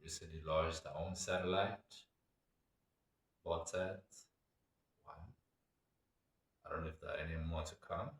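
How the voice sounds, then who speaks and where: Low-voiced guy w a rambling thoughtfully, sounds far off in a roomy space. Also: fairly even intonation, measured pace, pauses often. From Botswana. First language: Setswana. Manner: reflective, meandering. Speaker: cultural commentator. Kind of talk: casual monologue. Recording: echoey room, away from mic.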